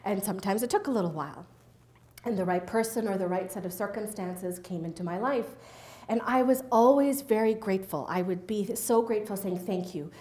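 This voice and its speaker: A woman speaker giving an earnest personal testimony, halting and restarting often and checking in with "right?" and "okay?". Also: fairly high pitch. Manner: earnest, halting, with many restarts and tag questions. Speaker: invited faith speaker. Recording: roomy hall sound.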